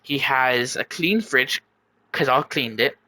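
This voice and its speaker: A man's voice: mid-range voice, takes it slowly, pushed and bright, dry recording. A man voicing a clueless, upbeat young man who rambles and stammers. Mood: cheerful.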